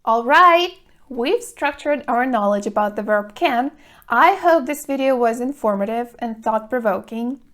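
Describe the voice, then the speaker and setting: A woman teaching an English grammar lesson to camera, speaking clearly and deliberately, stressing words to show pronunciation. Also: a little high, expressive, a bit bright. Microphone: phone camera.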